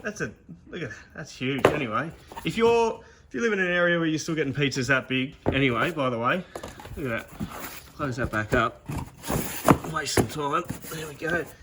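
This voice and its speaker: A man's voice: a little high, lively intonation, normal speed, noisy background. A young Australian man casually talking through his car build in his garage, rambling and joking with the odd swear word. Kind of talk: casual workshop walkthrough.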